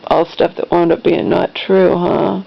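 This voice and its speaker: A woman's voice: on the low side, level tone, measured pace, creaky, highs cut off. A middle-aged woman tells a painful family story to the camera, rambling and restarting as she goes. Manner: rambling, emotional retelling with restarts. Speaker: vlogger.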